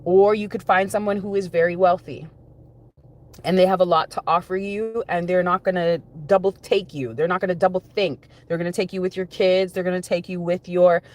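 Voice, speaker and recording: A woman's voice: fairly low pitch, fairly even intonation, a little fast, a little mellow. A woman giving a conversational, rambling spiritual message, often repeating phrases for emphasis. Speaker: spiritual reader. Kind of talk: spiritual reading monologue.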